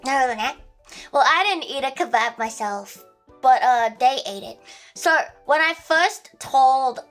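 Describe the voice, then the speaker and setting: A woman's voice: sits high, takes it slowly, fairly bright tone, soft background music. A young Australian woman streaming and chatting casually, rambling with lots of fillers, giggles and swearing. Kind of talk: casual livestream chat.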